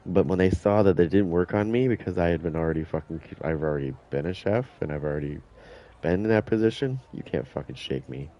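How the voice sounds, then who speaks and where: This streamer's low voice moves quickly, and the audio is lo-fi. Mid-game and chatting casually, he tells bragging, profanity-laced stories and plays out what people said to him.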